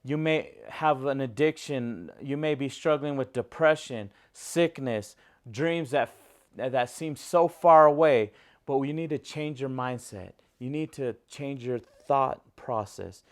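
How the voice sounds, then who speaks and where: A man's voice: mid-range voice, takes it slowly. A man preaching a sermon as a pastor, emphatic and repetitive, putting questions to his listeners.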